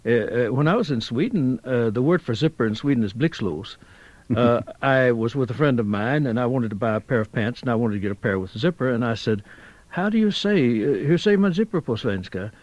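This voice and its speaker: A man's voice: medium pitch, fairly quick, no echo, highs cut off. An older man from Tennessee, a linguistics guest on a radio show, talking in a chatty way and telling anecdotes. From Tennessee, USA. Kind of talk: conversational talk.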